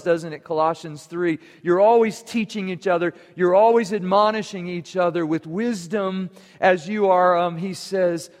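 Man, pastor, sermon, fairly high voice, earnest, long hall reverb. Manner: earnest preaching with emphatic rises. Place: church sanctuary.

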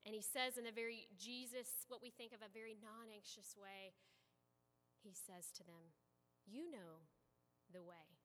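A woman preaching a sermon as an animated storyteller, swinging from loud to hushed, heard with echoey sanctuary reverb. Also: fairly high pitch, moderate pace. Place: church sanctuary.

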